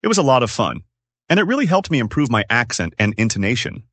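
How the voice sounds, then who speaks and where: A man co-hosting a scripted podcast for English learners. His mid-range voice swings widely in pitch as he explains tips in an upbeat way. The recording is dry and close, with no room sound. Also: very animated, fast talker, fairly bright tone, no room sound. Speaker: podcast co-host.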